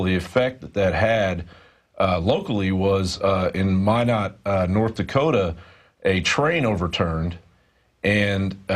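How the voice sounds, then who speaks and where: A man with a fairly low voice speaks as a reporter on a studio news show. He talks in long, rambling stretches, pausing often on fillers as he works through his points. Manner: rambling, hesitant, many fillers.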